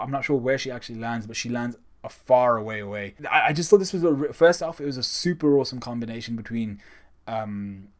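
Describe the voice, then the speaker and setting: Man, casual review monologue, enthusiastic, conversational, average pitch. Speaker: manga reviewer.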